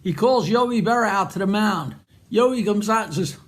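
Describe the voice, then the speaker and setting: A man's voice: sits high, brisk. A man, a stand-up comedian, telling jokes in a recorded message and laughing at his own punchlines.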